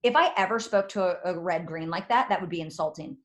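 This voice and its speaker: A woman speaking bluntly and energetically on a video call, acting out quotes as she goes. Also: on the low side. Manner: blunt, animated, fast-shifting, acts out quotes. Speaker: guest speaker. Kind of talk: energetic casual talk.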